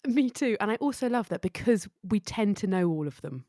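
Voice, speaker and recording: A woman's voice: mid-range voice, expressive, brisk, dark tone, no echo, clean studio sound. A woman co-hosting a podcast in casual chat, teasing and affectionate, laughing often. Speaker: podcast co-host and editor.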